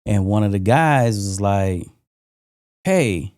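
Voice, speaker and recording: A middle-aged man co-hosting a talk podcast, telling a personal story in a relaxed, reflective way. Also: mid-range voice, a little slow, no echo, studio quality. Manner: relaxed, reflective storytelling with frequent "you know". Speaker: podcast co-host. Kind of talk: casual round-table chat.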